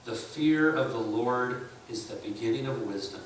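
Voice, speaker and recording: A man's voice: mid-range voice, moderate pace, slight background noise. A man preaching at a conference, emphatic, acting out both sides of his debates with skeptics. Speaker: conference speaker. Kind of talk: sermon. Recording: echoey church hall from far off.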